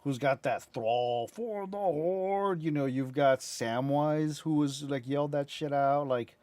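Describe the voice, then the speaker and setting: A man chatting casually as he reacts to game cinematics, excitable, rambling and profane. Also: medium pitch, moderate pace, dry recording. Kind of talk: casual chat.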